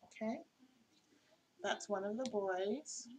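Casual craft-tutorial host, a woman with a medium-pitched voice, chatty and self-correcting, over faint background hiss. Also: slow pace, poor audio. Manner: chatty, homey, corrects herself as she goes.

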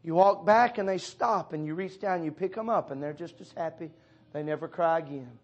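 Preacher guy, high voice, goes loud then hushed, calling out brother and sister by name. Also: a little fast, muffled recording, soft background music. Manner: preaching with wide swings from loud urging to hushed tones. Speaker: pastor. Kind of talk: sermon. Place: church.

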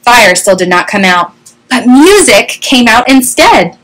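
A woman reading a children's story aloud with an animated, expressive delivery, recorded on a webcam. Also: a little high, unhurried, low-quality recording.

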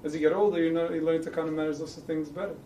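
A man playing a therapist, calmly coaxing and soothing. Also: fairly high pitch, racing, distant mic. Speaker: mock therapist. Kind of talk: calm mock-therapy talk. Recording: roomy, off-mic, faint noise.

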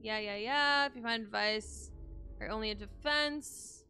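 A woman's voice: on the high side, measured pace, pushed and bright. A young woman streaming a horror game, swearing freely, reacting jumpily and talking to her chat. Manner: profane, jumpy, talks to chat. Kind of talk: horror game let's play. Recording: game music behind voice.

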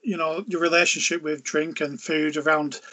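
A man hosting a casual interview, asking relaxed, prompting questions. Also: fairly high pitch, normal speed. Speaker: interviewer host.

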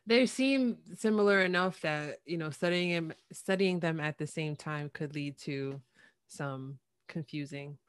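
A woman hosting a podcast interview, asking questions with hedges and quick self-corrections. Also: low voice, clear, resonant tone. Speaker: podcast host. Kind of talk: interview conversation.

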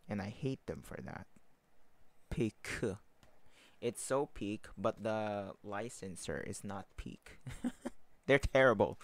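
A man excitedly gushing about manga panels in a casual vlog, slangy and laughing often. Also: on the low side. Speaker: manga vlogger. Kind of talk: casual chat while flipping through manga.

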